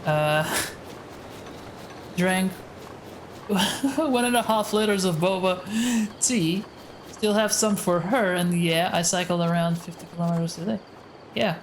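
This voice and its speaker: A man with a soft voice chatting casually with his viewers while he streams a game, rambling as he plays. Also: high-pitched, takes it slowly, long pauses, slight background noise. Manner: rambling, talks to chat while playing. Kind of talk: casual live-stream gameplay chat. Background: faint game music.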